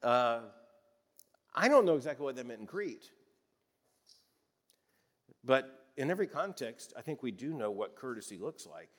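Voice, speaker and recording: A man's voice: medium pitch, very animated, moderate pace, long pauses, long reverb tail. A man in his sixties from the American South, preaching a sermon in a conversational, folksy way with chuckles and restarts. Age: 60s. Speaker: pastor.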